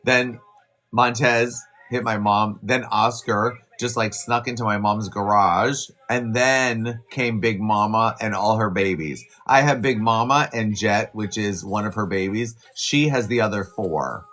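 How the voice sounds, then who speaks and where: A man hosting a casual live stream, chatting in a rambling way with quick asides to his viewers. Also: lowish voice, fairly bright tone. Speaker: livestream host.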